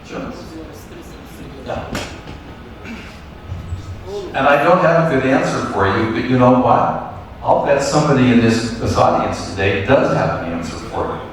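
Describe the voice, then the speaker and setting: A man leading a teacher workshop, speaking in a relaxed, encouraging way and taking questions from the audience. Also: mid-range voice, unhurried, long pauses. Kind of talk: conversational lecture with audience questions. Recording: echoey hall from far off, faint noise.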